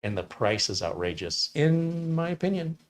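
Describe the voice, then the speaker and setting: A man's voice: a little high, sing-song, moderate pace. Wry, opinionated middle-aged man. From Michigan, USA. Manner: wry, opinionated, sarcastic asides. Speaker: computer technician hosting a livestream. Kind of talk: casual chat answering viewers.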